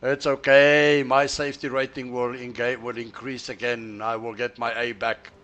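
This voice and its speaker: Level in tone, mid-range and a bit bright, a man's voice chats casually with friends as he streams a sim race. He teases them haltingly, repeating words whenever he restarts.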